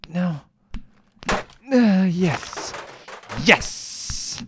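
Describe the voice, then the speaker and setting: Excitable man narrating his gameplay. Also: medium pitch, slow, long pauses, noisy background. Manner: excitable, swears and scolds himself out loud. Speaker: gamer playing a video game. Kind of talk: let's play commentary.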